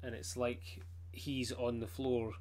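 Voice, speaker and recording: Guy chatting about comics, gets animated, middle pitch. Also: takes it slowly. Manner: animated, retells scenes with quoted voices. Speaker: comic collector. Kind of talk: casual chat.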